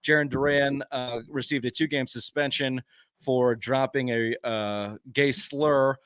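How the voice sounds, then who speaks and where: A man's voice: medium pitch, fairly even intonation, measured pace, a bit bright, clear, resonant tone, no echo, clean studio sound. A man hosting a sports talk podcast, ranting emphatically and swearing often in casual heated chat.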